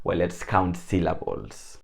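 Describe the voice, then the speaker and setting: A man from Spain with a Spanish accent, teaching a casual online language lesson, chatting and repeating words slowly to explain. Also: deep voice, lively intonation, creaky, a little hiss or hum.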